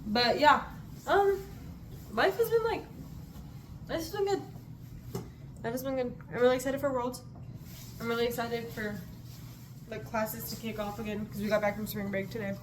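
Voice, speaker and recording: A woman's voice: on the high side, normal speed, pauses often, noisy background. A woman telling stories in a casual vlog, gushing and giggly, rambling from one thing to the next. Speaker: student and vlogger.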